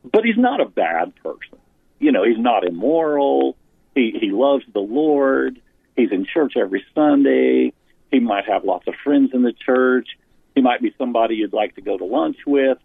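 A man's voice: mid-range voice, expressive, normal speed, gravelly, husky, no echo. A man being interviewed as an author, earnestly explaining his points with frequent restarts. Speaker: author and pastor guest. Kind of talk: interview about church leadership. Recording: phone-line sound.

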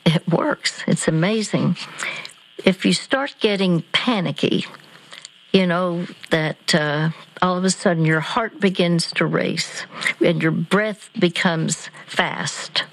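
A woman speaking on a Christian radio show, gently coaching a listener through slow breathing with a calm, measured manner. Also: on the low side, rough recording. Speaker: Christian radio guest counselor.

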